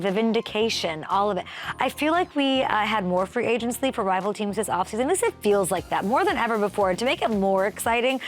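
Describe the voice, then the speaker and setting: A woman hosting a sports talk show, delivering an excitable, energetic monologue that swings widely in pitch.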